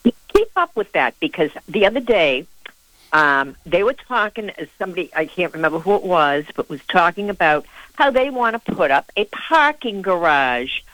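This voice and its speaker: A woman's voice: lowish voice, sing-song, normal speed, fairly bright tone, dry recording, poor audio. A woman with a Boston accent calls in to a radio talk show. She is chatty and indignant, running through stories at length. Her voice is close and dry. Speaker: caller. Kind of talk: call-in radio chat.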